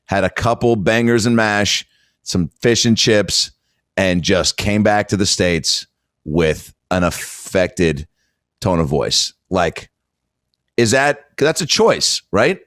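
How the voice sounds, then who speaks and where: A man's voice: fairly low pitch, animated, takes it slowly, fairly bright tone, no echo, studio quality. A male podcast host chatting casually with a guest, joking and laid-back.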